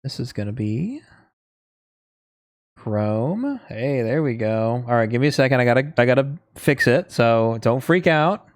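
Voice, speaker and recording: A man's voice: mid-range voice, animated, moderate pace, no room sound, clean studio sound. A young man hosting a livestream, chatting casually while fiddling with his stream settings. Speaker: streamer host.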